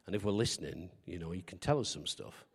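A man's voice: deep voice, animated, fast talker, creaky, breathy edge. Man preaching with long hall reverb. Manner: conversational, asks the congregation questions; humorous, self-deprecating storytelling. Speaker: pastor. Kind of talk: sermon.

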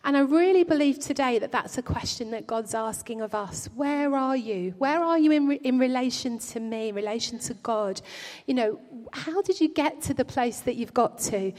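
A woman preaching a sermon in a church, speaking earnestly and gently in a pastoral way, often restarting her phrases. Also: on the high side, lively intonation, moderate pace. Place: church hall. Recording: long hall reverb.

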